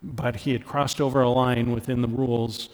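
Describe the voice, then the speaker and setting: A middle-aged Canadian pastor delivers a sermon with earnest conviction, raising his voice for emphasis and softening when he gets personal. His pitch is medium, his tone level, and his pace moderate. The recording carries a long hall reverb.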